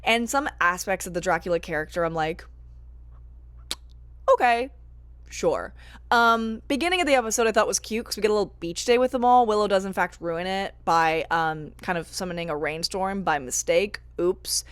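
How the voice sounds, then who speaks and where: A young woman giving casual vlog commentary on a TV series, chatty and animated, often apologizing and joking about herself. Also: mid-range voice, brisk, few pauses, clear, resonant tone, dry recording. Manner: chatty, animated, self-deprecating. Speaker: TV show reviewer.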